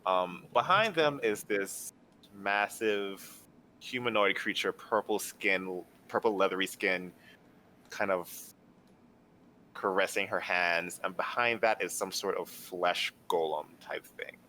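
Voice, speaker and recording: A man's voice: low voice, slow pace, bright, forceful tone, a little hiss or hum. A man narrating a tabletop game as game master, describing scenes casually with lots of fillers.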